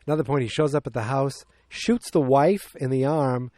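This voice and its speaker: A man's voice: medium pitch, mellow, no echo. Rambling man recapping a movie. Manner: rambling, loses his place, acts out lines in quick voices. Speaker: podcast host.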